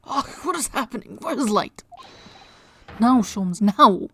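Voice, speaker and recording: A woman's voice: mid-range voice, moderate pace, natural voice. Woman reading an earnest young lawyer, polite, fretful, game sidekick. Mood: urgent.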